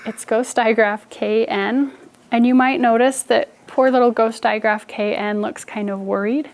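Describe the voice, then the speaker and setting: A woman teacher giving a phonics lesson in a classroom, speaking slowly and enunciating every sound deliberately. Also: fairly high pitch, steady tone, darkish tone.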